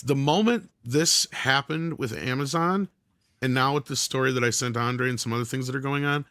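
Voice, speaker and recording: A man's voice: medium pitch, normal speed, pushed and bright, no echo, studio quality. A man hosting a casual panel chat, blunt and swearing, reading viewer comments aloud.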